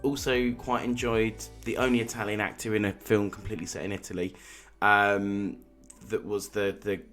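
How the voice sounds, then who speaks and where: A man with a low voice co-hosting a casual film review podcast, with faint music in the background. He talks in opinionated bursts, often breaking off and restarting his sentences. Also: flat delivery, moderate pace, a bit bright. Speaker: podcast co-host.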